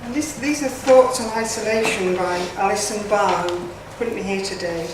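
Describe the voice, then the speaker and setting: Brief: woman reader, mid-pitched voice, plain delivery, mic far off in a very echoey space. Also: moderate pace, over a noisy crowd, heavy background noise. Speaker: reader at a community event. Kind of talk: reading aloud another's prose. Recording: echoey room, distant mic.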